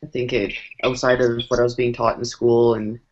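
A man's voice: mid-range voice, level tone, normal speed. A man speaking as a guest in a casual panel chat, thoughtful and rambling, with many restarts. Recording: dull lo-fi sound.

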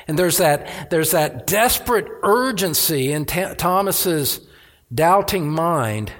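Guy preaching a sermon in church, kinda high voice, really emphatic. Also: animated, slow, a bit bright. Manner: emphatic preaching with repeated restarts. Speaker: pastor.

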